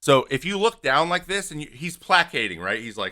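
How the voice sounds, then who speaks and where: A man in his thirties giving animated, opinionated casual commentary over game footage, acting out what the players say. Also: on the high side, a little fast. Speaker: podcast host and former pitcher.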